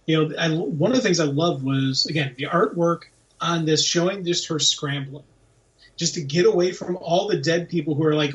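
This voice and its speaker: A man's voice: on the high side, normal speed, recorded from a distance, muffled recording. A man co-hosting a comics podcast, speaking animatedly and filling his talk with "you know". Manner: animated, acts out voices when retelling scenes. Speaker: podcast co-host. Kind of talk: casual chat.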